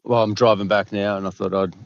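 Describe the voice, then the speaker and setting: A man's voice: lowish voice, flat delivery, fast, gravelly, highs cut off. A man calling in over a voice chat app while driving, chatting in a friendly, easygoing way. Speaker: caller. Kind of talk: casual call-in chat. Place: driving in a car.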